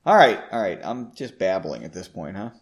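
A man's voice: low voice, sing-song, normal speed. A man hosting a podcast in a home basement studio, reading his own story aloud and breaking off for joking, self-deprecating asides.

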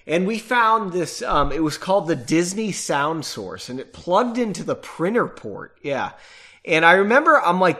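A man's voice: high voice, big pitch swings, moderate pace, pushed and bright. A man with a stuffy nose, chatting casually and rambling with self-mocking asides. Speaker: podcast host and reader. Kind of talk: casual chat and reading aloud.

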